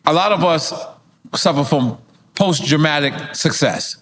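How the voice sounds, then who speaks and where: A male host leads a loose interview, drawing out stories and chiming in often to agree. His voice is a touch high for a man, and faint noise sits under it. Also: animated, unhurried, a bit bright. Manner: frequent backchannel affirmations, swears. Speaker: podcast host. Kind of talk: casual interview chat.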